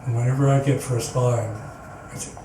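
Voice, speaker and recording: Man, mid-pitched voice, earnest rambling storyteller, frequent restarts, distant mic, echoey hall, background hiss. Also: fairly even intonation, normal speed. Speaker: guest speaker at a spiritual center. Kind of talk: personal storytelling talk. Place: meeting hall, indoors.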